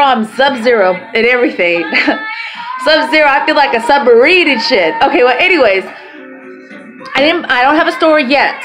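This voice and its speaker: A woman's voice: high-pitched, rough recording. A woman talking to her camera in a rambling, chatty way, swearing freely. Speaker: vlogger. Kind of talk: casual talk to camera. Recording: music playing behind voice.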